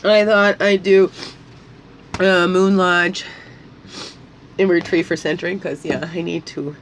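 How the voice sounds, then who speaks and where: A woman's voice: on the low side, fairly even intonation, takes it slowly, a little hiss or hum, poor audio. A woman talking through her feelings in an emotional, rambling monologue, at times crying and repeating her words as her voice rises. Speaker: spiritual guidance vlogger.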